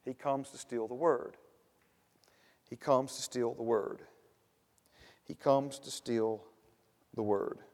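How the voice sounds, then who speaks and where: A man's voice: medium pitch, slow, pauses often, a little mellow. A man preaching a sermon as pastor, building to emphatic bursts and repeating refrains. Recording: long hall reverb.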